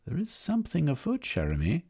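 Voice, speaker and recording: A man's voice: fairly high pitch, huge pitch swings, fairly quick, mellow, breathy edge, voice pushed up, full character voice. A man voicing a cautious, suspicious male revolutionary. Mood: wary.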